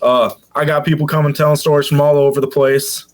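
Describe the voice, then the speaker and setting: Midwestern male guest, relaxed chatter, slightly higher pitch, easygoing podcast talk. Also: fast. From American Midwest. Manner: laid-back, drops into a deep announcer voice at times. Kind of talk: casual chat.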